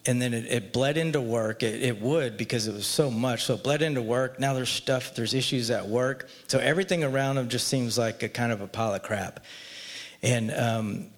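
An earnest man tells a personal faith story in a relaxed, conversational way. His voice sits at an ordinary middle pitch. The sound carries a long reverb, as if recorded in a large hall. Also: normal speed.

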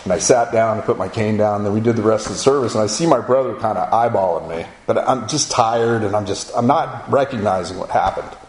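A fairly low-voiced man speaks briskly with few pauses, telling his personal testimony as a story and acting out conversations with "I go" and "he goes." The recording has a roomy echo and faint background ambience.

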